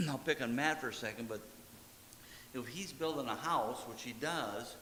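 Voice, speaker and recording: A man's voice: mid-range voice, moderate pace, sharp tone, long reverb tail. Man, pastor, folksy sermon, repeats short commands, faint hiss. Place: church sanctuary.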